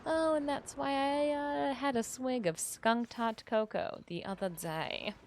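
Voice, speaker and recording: A woman's voice: high-pitched, steady tone, unhurried, slight background noise. Chatty woman streaming a game. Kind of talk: casual chat while gaming.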